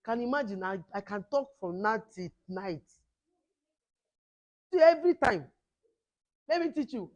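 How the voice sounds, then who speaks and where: Hoarse woman teacher. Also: a little high, normal speed, long pauses. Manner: animated, call-and-response, mixing two languages. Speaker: camp teacher. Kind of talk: lively address to children.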